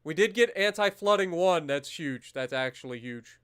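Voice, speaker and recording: A man streaming a naval strategy game, commenting casually, swearing freely and bursting into loud disbelief at the battle results. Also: on the high side, normal speed, smooth. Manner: muttering calmly while managing menus.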